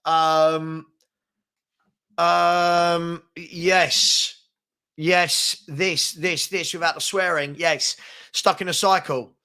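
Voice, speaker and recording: A man's voice: on the high side, flat delivery, drawn-out words, sharp tone, clear, resonant tone. A man hosting a casual live-stream chat, frustrated and rambling, reading out viewer comments as he talks. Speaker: host.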